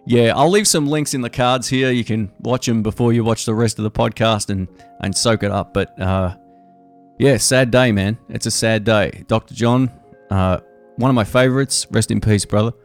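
A man who plays guitar, hosting a podcast and talking casually about music and gear in a relaxed, rambling way full of fillers and restarts. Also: mid-range voice, moderate pace. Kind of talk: casual chat.

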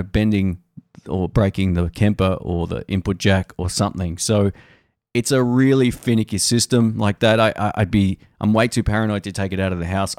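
A low-pitched man speaking in a loose, rambling podcast chat about music and guitar gear. He fills his talk with "um" and restarts, and the recording is dry and close with no room echo. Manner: relaxed and rambling, with many fillers and restarts. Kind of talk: casual chat.

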